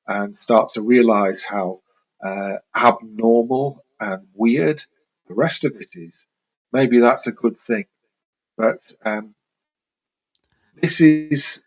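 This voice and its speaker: A man speaking as a talk show guest, measured and earnest. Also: mid-range voice, rough recording. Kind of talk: interview talk.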